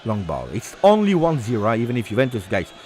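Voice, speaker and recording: A man hosting a live football watch-along, chatting with viewers and reacting to the match, whose voice swings from low asides to loud cheering. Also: a little fast, slight background noise. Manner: excitable, switches from low asides to shouting celebration.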